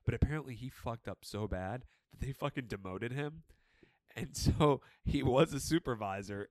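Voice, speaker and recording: A young man co-hosting a podcast, chatting casually and telling animated, swear-filled stories about old jobs. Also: mid-range voice, normal speed, no echo. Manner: animated storytelling, swears freely. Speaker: podcast co-host. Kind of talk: casual chat.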